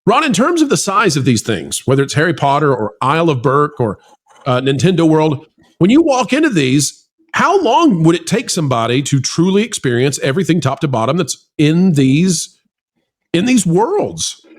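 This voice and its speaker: A man hosting a theme park news chat, with a voice that sits a little high and swings up and down a lot. He pitches every point with hype and tosses in joking asides. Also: normal speed. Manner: animated, salesy, joking asides. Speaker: host.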